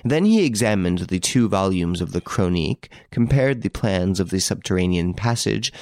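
A man reads a classic story aloud in a low, gravelly voice with a lively, wide-ranging delivery. The recording is close and dry, with no room sound. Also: moderate pace, no room sound. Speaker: narrator. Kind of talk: audiobook narration.

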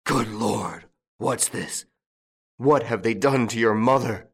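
A man voicing a gruff, bossy old male farmer with loud, blustering outbursts in an audiobook. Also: medium pitch, slow. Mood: roaring alarm. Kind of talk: audiobook character voice.

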